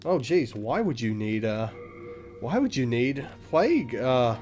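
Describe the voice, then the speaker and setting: A man's voice: medium pitch, sing-song, a little slow, darkish tone. Profane, chatty let's play man. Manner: profane, self-mocking, chatty asides. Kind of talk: casual gameplay commentary. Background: game music.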